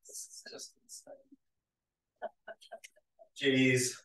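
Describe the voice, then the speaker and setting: A man, originally from Hungary, giving an academic talk with halting delivery and many fillers, sometimes emotional. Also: a bit bright. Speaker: lecturer. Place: lecture room with audience. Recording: roomy sound, mic at a distance.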